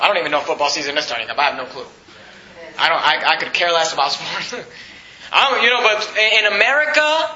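A man preaching a sermon as pastor, building to emphatic shouts, recorded in a church. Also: extremely high pitch. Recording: echoey room, dull lo-fi sound.

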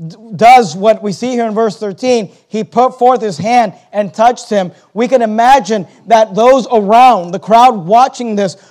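A man preaching from the pulpit in a high, ringing voice. He leans hard on scripture lines and stretches out the words he wants to land. Then he rattles off quick side remarks to the congregation. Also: darkish tone. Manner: preaching, reading King James scripture aloud with emphasis; slows down to stress key words, rushes asides. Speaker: pastor. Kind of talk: sermon.

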